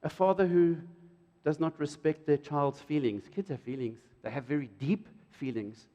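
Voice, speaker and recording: A middle-aged man, preaching a sermon in an animated way and acting out quotes. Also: normal speed. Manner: animated, jumps to loud high emphasis and acts out quotes. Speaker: pastor. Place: church hall. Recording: reverberant church hall.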